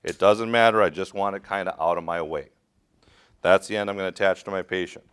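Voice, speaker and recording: Male instructor, deep voice, smooth and clear, direct hands-on training talk. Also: brisk, a bit bright. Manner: direct, practical, asks the class questions. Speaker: rope rescue instructor.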